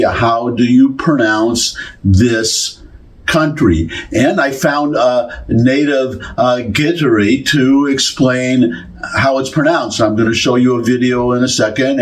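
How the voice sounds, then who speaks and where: A man casually explaining a word's pronunciation to his viewers, talking in a halting way with many restarts and fillers. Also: medium pitch. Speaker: YouTube commentator. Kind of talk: casual rambling explanation to camera.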